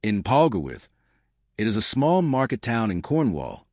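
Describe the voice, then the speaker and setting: A man's voice: fairly low pitch, huge pitch swings, moderate pace, a little mellow, no room sound, clean studio sound. A man reading the part of an anxious middle-aged wife in an audiobook, earnest and pleading.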